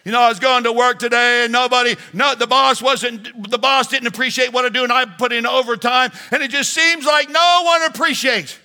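A man voicing a frazzled, fed-up wife and mother who rants rapidly about her day. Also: very high voice, steady tone, pushed and bright, voice pushed up, exaggerated voice. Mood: complaining. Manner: rapid exasperated rant.

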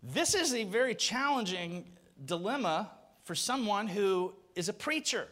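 A man's voice: high-pitched, unhurried. A man in his thirties preaching a sermon, telling a story and acting out the voices of the people in it. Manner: animated storyteller, acts out voices.

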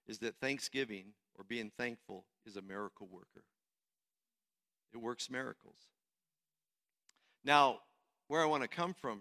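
A male pastor preaching a sermon, swinging from hushed, low passages to loud, emphatic ones. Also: vocal fry.

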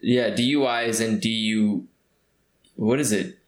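A man's voice: on the low side, fairly even intonation, unhurried. Rambling man, echoey room. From California. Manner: rambling, with many fillers and restarts. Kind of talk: casual storytelling. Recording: roomy echo.

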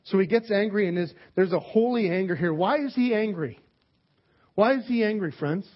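Joking pastor, higher voice. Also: male voice. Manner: candid, joking, acts out quoted people. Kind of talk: casual conversational sermon. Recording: dull lo-fi sermon recording.

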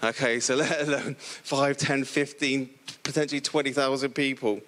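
A middle-aged man from the area preaching a lively, playful sermon, acting out the characters in the stories he tells. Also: mid-range voice, moderate pace. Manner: playful, animated storytelling with voiced characters.

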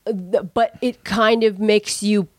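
A woman's voice: mid-range voice, fairly even intonation, unhurried, no room sound. Give me a chatty woman host with a close, dry sound. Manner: chatty, asks lots of questions. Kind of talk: casual chat.

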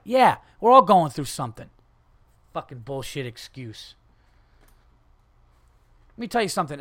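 This podcast host has a fairly high-pitched voice, captured with no room sound. He delivers a profane, animated solo comedy rant, doing impressions of the people he quotes.

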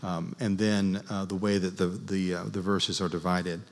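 A man teaching church music to a class, explaining in an unhurried, halting way with many fillers. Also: deep voice, level tone, creaky. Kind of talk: class lecture leading group chant. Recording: long reverb in a large hall.

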